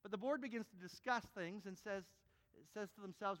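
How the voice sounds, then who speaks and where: High-voiced preacher booming through a hall. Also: male voice, a little fast. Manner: animated preaching, swinging from quiet to loud and emphatic. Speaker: pastor. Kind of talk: sermon. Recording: long hall reverb.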